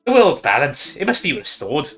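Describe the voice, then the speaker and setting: A boozy male bird prophet with a put-on Irish accent, voiced by a man, booming out solemn warnings of doom. His tone rings bright and forward. It is a comedic game dub delivered with mock gravity. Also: wildly swooping pitch, moderate pace, soft background music, heavily acted. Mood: mock grave. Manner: mock-solemn, theatrical proclamations.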